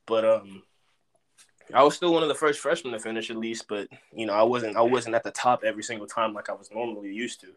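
Young man telling a lively story. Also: on the low side, quick pace. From Dallas, Texas. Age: young adult. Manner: animated storyteller, acts out quotes loudly. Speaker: podcast guest, former college football player. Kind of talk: casual storytelling interview.

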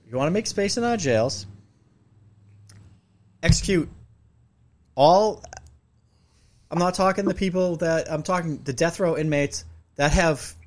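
A middle-aged man in loose podcast banter with a slightly raised pitch for his sex. He talks bluntly and opinionatedly, swearing freely as he makes his point. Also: unhurried, long pauses, a little mellow. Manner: blunt, profane, opinionated storytelling. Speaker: podcast co-host. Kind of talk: casual chat.

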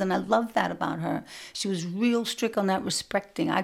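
Middle-aged woman, gravelly voice, show host, animated storytelling, punchy delivery. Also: mid-range voice. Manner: animated, punchy, with sudden loud bursts. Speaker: show host telling family stories. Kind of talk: storytelling monologue.

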